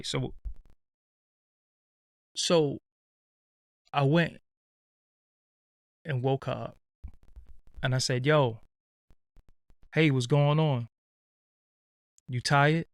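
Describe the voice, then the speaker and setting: A man telling a casual, profane anecdote in lively street slang. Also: medium pitch, extremely slow, long pauses, no room sound, studio quality. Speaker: storyteller.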